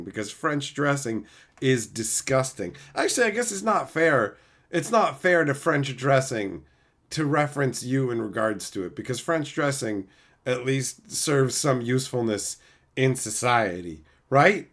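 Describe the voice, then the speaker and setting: A man's voice: medium pitch, big pitch swings, a little slow, a bit bright, slight background noise. A man casually reading live chat on a stream and teasing his chatters in a playful, mock-insulting way.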